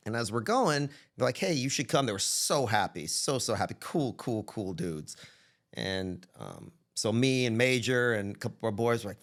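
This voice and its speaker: Man from texas, animated storyteller, acts out dialogue, casual interview, mid pitch. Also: moderate pace. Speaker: guest entrepreneur.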